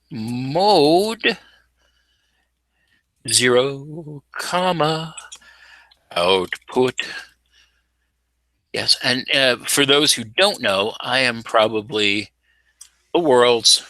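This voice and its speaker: A maker channel host with a mid-range, pushed, bright voice narrates his typing and soldering in a casual home electronics video, tossing in playful, showman-style announcer asides. It's relaxed live coding and tinkering commentary, recorded dry.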